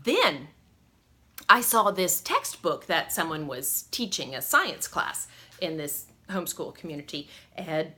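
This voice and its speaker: A woman's voice: low-pitched, very animated, a little slow, bright, forceful tone. A woman telling embarrassing stories from her life in a rambling, self-mocking way, laughing often. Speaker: vlogger telling personal stories. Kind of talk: casual story-time vlog.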